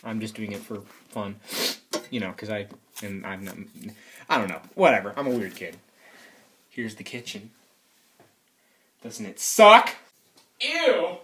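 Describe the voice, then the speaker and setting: A woman vlogging at home on a handheld camera, rambling casually, swearing often, jumping between loud yelling outbursts and low muttering. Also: normal speed, long pauses, a little hiss or hum. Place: at home, walking through rooms.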